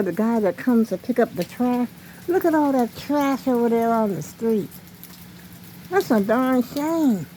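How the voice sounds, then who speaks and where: A woman's voice: mid-range voice, a little mellow, slight background noise. Breathless older woman chatting at home. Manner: chatty, folksy, addresses viewers as y'all. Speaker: vlogger. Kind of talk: casual home vlog. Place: her home, indoors.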